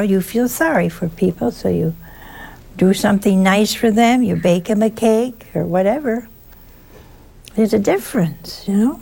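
A woman's voice: medium pitch, creaky, dark tone, breathy edge. A woman giving a conversational sermon in a folksy way, full of rhetorical questions. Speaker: preacher.

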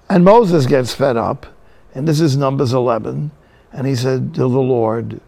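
Gravelly older man preaching. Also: mid-range voice, measured pace. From New Jersey. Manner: storytelling, folksy and animated with quoted asides. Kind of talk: sermon.

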